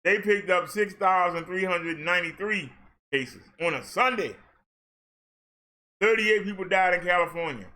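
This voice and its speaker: A man's voice: high voice, moderate pace, sharp tone. A man giving a sarcastic ranting commentary as he reads off numbers. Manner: sarcastic, talks back at the figures he reads. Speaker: commentary vlogger.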